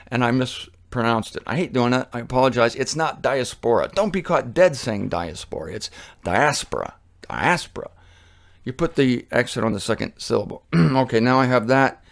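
A middle-aged man teaching the Bible on his own show, reading verses aloud and explaining them in a passionate, conversational way. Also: medium pitch.

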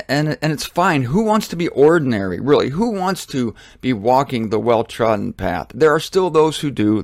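A middle-aged American man speaks about faith in a blunt, fervent monologue, with a plain middle pitch. He pushes up into emphatic bursts when he makes a point. The recording is dry and close, with no room sound. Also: vocal fry, dry recording. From Ohio, United States. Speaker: Christian teacher.

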